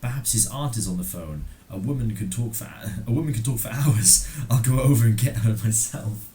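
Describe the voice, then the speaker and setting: A man's voice: mid-range voice, a little fast, mellow, pitched above the performer's own voice, lightly acted, low-quality recording. A man voicing a plucky, eager young female secretary from a comic, in a girlish voice. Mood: fretful.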